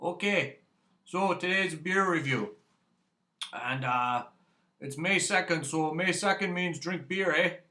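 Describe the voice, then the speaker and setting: A man's voice: on the high side, slow, pauses often, sharp tone. A man with a Canadian accent, chatting casually as he reviews a beer for his channel, rambling and joking and ending his sentences with "eh". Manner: rambling, jokey, tags sentences with "eh". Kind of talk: casual chat to camera.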